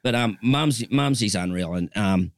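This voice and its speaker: Australian man in his fifties, lowish pitch, dry close mic, chatty guest who tells stories with lots of restarts. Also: animated, normal speed, no echo. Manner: chatty storyteller, rambling with restarts. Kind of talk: casual chat.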